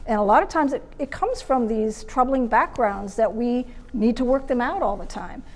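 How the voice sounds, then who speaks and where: A woman's voice: fairly high pitch, moderate pace, a little mellow. A woman, a theatre director, talking reflectively about the play. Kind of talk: interview.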